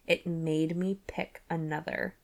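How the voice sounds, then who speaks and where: A woman's voice: level tone, creaky, full character voice. A woman reading as a growling fae lord. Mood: hushed menace. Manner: low, slow, hushed menace. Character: half-wild male fae lord, predatory and growling.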